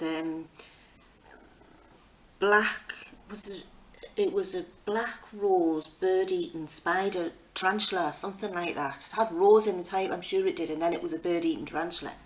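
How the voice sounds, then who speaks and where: Rambling lady, lower pitch, restarts a lot, acts out her own reactions. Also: slight background noise, low-quality recording. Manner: chatty, rambling, with many restarts and fillers. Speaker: craft channel host. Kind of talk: casual storytelling.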